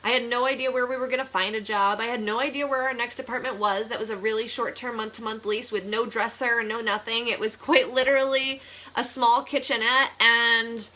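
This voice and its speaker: Bright, chatty young woman storyteller. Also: a little high, fairly quick. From Buffalo, New York area. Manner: chatty, animated, laughs often. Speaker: vlogger, real estate agent. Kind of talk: casual storytelling vlog.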